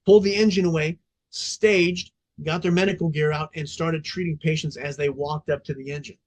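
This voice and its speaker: A man's voice: on the high side, fairly even intonation, moderate pace. Blunt, cursing middle-aged man. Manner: emphatic, profane, blunt. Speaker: fire department veteran guest. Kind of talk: casual podcast storytelling.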